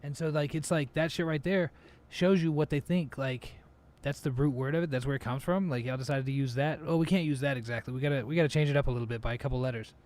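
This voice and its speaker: A man's voice: medium pitch, fast talker, hardly any pauses, darkish tone. A man hosting a casual podcast chat, laid-back, with lots of fillers and swearing. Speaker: podcast host.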